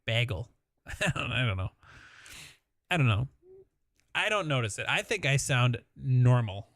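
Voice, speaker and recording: A man's voice: mid-range voice, big pitch swings, measured pace, a bit bright, no echo, clean studio sound. A man with a Midwestern accent chatting casually on a live stream, rambling and laughing as he talks. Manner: rambling, laughing, swears freely.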